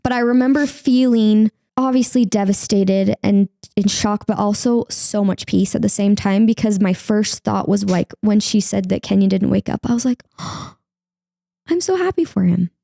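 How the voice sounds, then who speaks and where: A woman's voice: mid-range voice, fairly even intonation, moderate pace, gravelly, few pauses, dark tone, no room sound, clean studio sound. A young woman speaking as a podcast guest, sharing a personal story candidly and acting out her own past words. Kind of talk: emotional personal interview.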